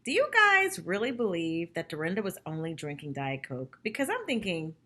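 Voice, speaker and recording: A chatty woman recaps reality TV gossip. Her pitch jumps all over as she acts out what others said. Her voice is bright and sharp. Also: wildly swooping pitch, normal speed. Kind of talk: casual chat.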